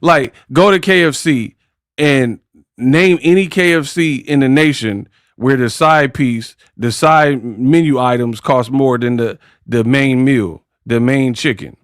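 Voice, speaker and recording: A man's voice: mid-range voice, a little slow, dry recording, studio quality. Slangy man ranting on a livestream. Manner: animated, mocking, slangy. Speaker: boxing commentary livestream host. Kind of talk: casual livestream rant.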